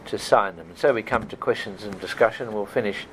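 A man hosts the event and moderates questions and discussion. His voice sits low, and he asks his questions in a halting, thoughtful way. Faint background noise runs under the recording. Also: fairly bright tone, rough recording.

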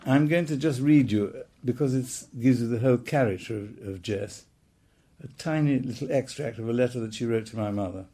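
A man's voice: mid-range voice, fairly quick, dark tone. A man in his eighties recounting childhood memories in a wry, anecdotal storytelling manner. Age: 80s. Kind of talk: reminiscing talk.

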